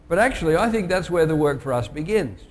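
A pastor delivering a sermon, measured and emphatic, slowing down to stress key phrases. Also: male voice, fairly high pitch, slight background noise. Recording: long hall reverb.

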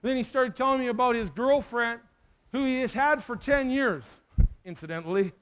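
Male preacher, high voice, emotional storyteller in a sermon. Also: moderate pace. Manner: emotional, animated storyteller who acts out the dialogue.

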